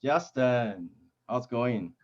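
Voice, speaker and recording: A man acting as toastmaster for a speech contest, chatting with contestants in a joking, halting way over a video call. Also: mid-range voice, expressive, darkish tone, dull audio. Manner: jokey, halting with restarts. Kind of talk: friendly interview banter.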